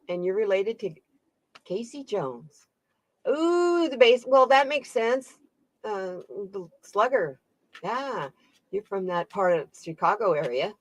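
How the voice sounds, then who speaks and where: A woman's voice: medium pitch, a bit bright, no echo. A woman hosting a casual live-stream tarot reading, chatting with her viewers, laughing often and reading their comments aloud. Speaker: tarot reader and channel host.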